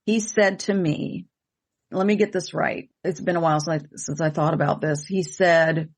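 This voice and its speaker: A woman's voice: sits low, steady tone, normal speed. A woman co-hosting and telling a personal story in an earnest, emotional way, often repeating herself for emphasis. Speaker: medium and co-host. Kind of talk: candid conversational storytelling.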